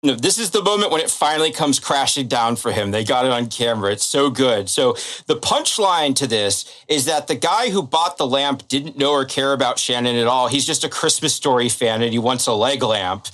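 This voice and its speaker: Bright-voiced man telling a story. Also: mid-range voice, moderate pace, hardly any pauses. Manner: animated storyteller. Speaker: podcast co-host. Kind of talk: storytelling chat.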